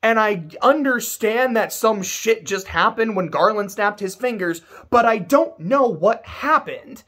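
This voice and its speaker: A man's voice: high-pitched, expressive, measured pace, fairly bright tone. A man giving casual game commentary to camera, emphatic and ranting, swearing freely. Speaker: video creator.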